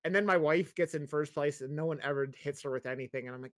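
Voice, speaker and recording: A man's voice: fairly high pitch, fast, hardly any pauses, a bit bright, no echo. A young married man co-hosting a podcast, chatting casually with exasperated jokes. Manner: exasperated, joking complaints. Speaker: podcast co-host. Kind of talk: casual chat.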